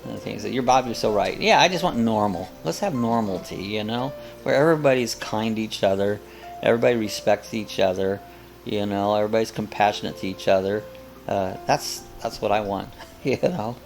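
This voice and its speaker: Older man, gravelly low voice, rambling folksy chat host, faint music behind. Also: brisk. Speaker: host of a live coffee chat. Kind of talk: casual chat, reading viewer comments aloud.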